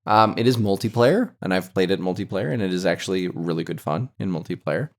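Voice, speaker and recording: Low-voiced easygoing male podcast host. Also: brisk. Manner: easygoing, reads game info aloud. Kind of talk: casual chat.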